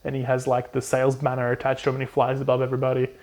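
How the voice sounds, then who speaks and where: A young man co-hosting a casual book recap, swearing freely and quickly acting out the characters in put-on voices. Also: mid-range voice, monotone, darkish tone. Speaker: podcast co-host.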